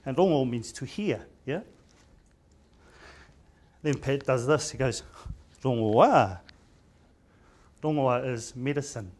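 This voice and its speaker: A man's voice: mid-range voice, measured pace, long pauses, darkish tone. A middle-aged man with a New Zealand accent talks to a room as a general practitioner. He keeps it loose and storytelling, tripping over words and starting phrases again. Māori words sit easily in his everyday phrasing. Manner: chatty storyteller with many restarts and stammers. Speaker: general practitioner giving a seminar talk. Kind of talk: informal conference presentation.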